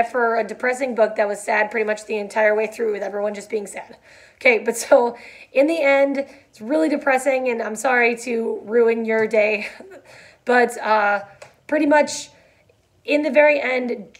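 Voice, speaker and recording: A woman reads a novel chapter aloud in a quiet, even voice that drops low on the somber lines. When she finishes, she explains the ending in a chatty way, with fillers and restarts. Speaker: teacher reading a novel aloud. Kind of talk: read-aloud and plain explanation.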